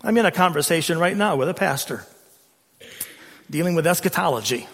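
A middle-aged man preaching a sermon as a pastor, emphatic and rising to loud peaks on key points. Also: a little high, animated, a little fast. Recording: long reverb of a large hall.

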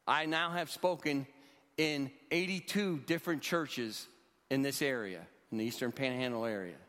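Speaking at a church, a rescue mission leader in his sixties recounts his testimony with the earnest storytelling of a preacher. The voice is fairly bright and on the high side, echoing with long hall reverb.

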